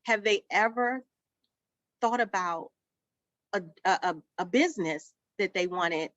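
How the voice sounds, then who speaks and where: A childcare business owner, appearing as a summit guest, tells her story in a lively way, dramatizing each quoted exchange at a measured pace. Her voice is mid-range, and the recording comes across dull, lo-fi, and echo-free.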